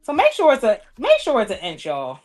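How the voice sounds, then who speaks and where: A woman's voice: on the high side, wildly swooping pitch, brisk, faint music behind. A woman hosting a sewing livestream, chatting playfully with viewers and people off camera, with speech. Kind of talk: casual livestream chat while sewing.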